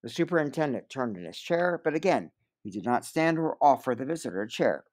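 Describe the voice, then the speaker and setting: A man's voice: medium pitch, fairly quick. A man reading a novel aloud in storybook narration. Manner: expressive, varied delivery. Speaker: audiobook reader.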